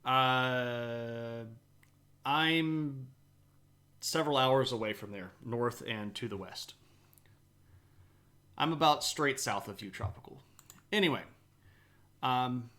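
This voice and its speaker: Slow-talking American man with a light Southern accent. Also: mid-range voice, a bit bright. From Southeastern United States. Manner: halting, many filler "uh"s, chatty asides to viewers. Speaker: history streamer. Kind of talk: live-streamed history lecture with chat.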